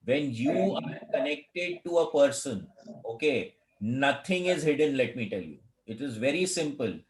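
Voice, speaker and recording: A man's voice: mid-range voice, animated, measured pace, a little hiss or hum. A man leading a study group, explaining insistently and repeating his points over a video call. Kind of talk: teaching commentary. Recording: roomy video call audio.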